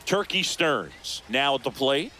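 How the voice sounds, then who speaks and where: A man voicing a male baseball play-by-play announcer for a video game, calling each pitch crisply and excitably. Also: takes it slowly, exaggerated voice. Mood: lively. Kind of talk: scripted video game commentary. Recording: game audio with background noise.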